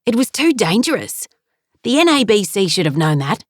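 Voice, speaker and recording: A woman's voice: medium pitch, sing-song, moderate pace, no room sound, clean studio sound, pitched above the performer's own voice. A woman voicing an arrogant middle-aged man, an anxious father who talks insistently and defensively.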